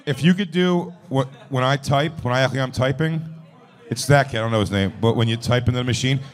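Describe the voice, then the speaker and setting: A man's voice: mid-range voice, a little fast. A man in a mid-range voice teases his co-hosts with playful, mocking jokes. He sets up bits for a live podcast crowd. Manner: teasing, playful. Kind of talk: casual comedic banter.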